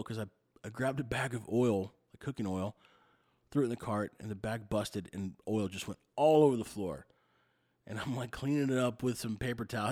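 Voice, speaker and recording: A middle-aged man from the United States telling everyday stories in a casual, self-mocking way. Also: mid-range voice. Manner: animated, self-mocking storyteller. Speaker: vlogger. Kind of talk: casual storytelling.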